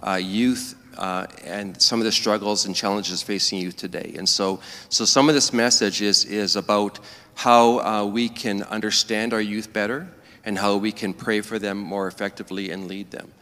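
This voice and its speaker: A man serving as pastor, introducing a speaker and praying in a gentle, unhurried way during a church service. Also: lowish voice, fairly even intonation. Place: church sanctuary. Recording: reverberant church hall.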